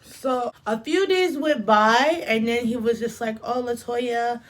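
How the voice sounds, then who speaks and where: She speaks at a measured pace with a fairly high, animated voice. While applying makeup, the young beauty vlogger chats through a casual storytime, packing in plenty of "like" and "literally."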